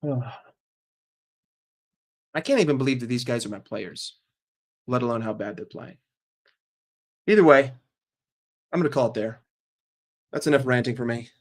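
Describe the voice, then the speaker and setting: A man's voice: medium pitch, moderate pace, long pauses. A man hosting a football fan channel, giving a heated, profane and sarcastic rant. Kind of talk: casual ranting commentary.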